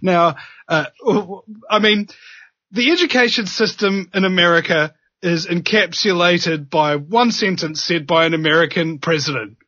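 A man hosting a casual conversation, sarcastic, laughing often, and animated. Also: high-pitched, moderate pace, no room sound. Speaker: host. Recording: dull, dry lo-fi audio.

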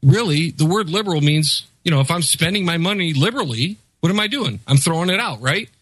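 A man's voice: fairly high pitch, expressive, fairly quick, a bit bright, breathy edge, dry recording, poor audio. A man in casual political chat, emphatic and sardonic.

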